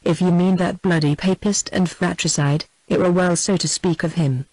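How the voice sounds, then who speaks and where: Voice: fairly even intonation, normal speed, darkish tone, dry recording, natural voice, poor audio. A reader voicing a scowling, abrupt parson with a Scottish accent in a storybook. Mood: gruff. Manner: rumbling, sudden.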